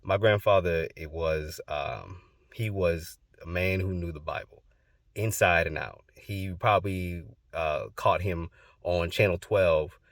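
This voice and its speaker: A man's voice: sits low, fairly even intonation, takes it slowly, no echo, clean studio sound. A young man hosting his channel, telling a personal story in a loose, rambling way with many fillers. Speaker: host.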